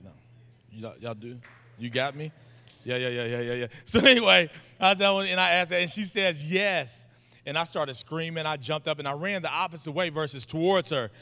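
A man's voice: fairly high pitch, smooth. A man, a guest preacher opening his sermon with folksy, joking stories. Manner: folksy, joking, animated storytelling. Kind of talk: informal sermon introduction. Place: church sanctuary. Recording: long hall reverb of a church.

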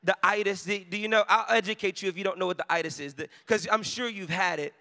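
A man preaching in a church, with a high, bright voice. He tells his story conversationally and pushes into shouted emphasis. His voice rings with the long reverb of a big hall. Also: fast. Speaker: pastor. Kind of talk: sermon with personal story.

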